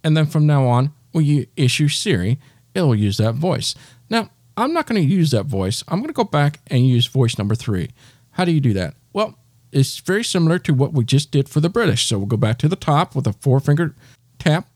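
A man's voice: fairly high pitch, sing-song, fairly quick, a little mellow, no echo, studio quality. A man hosting a step-by-step tutorial, patiently talking the listener through each gesture. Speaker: tech tutorial host.

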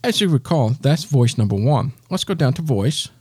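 A man's voice: medium pitch, animated, moderate pace, slightly rough, dry recording. A man hosting a step-by-step tutorial, patiently talking the listener through each gesture. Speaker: tech tutorial host.

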